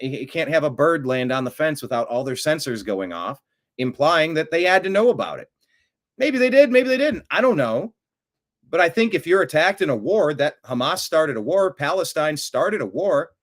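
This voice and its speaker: A man hosting a talk show, giving rambling, opinionated political commentary that swings from mutters to loud outbursts. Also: fairly high pitch, big pitch swings, normal speed.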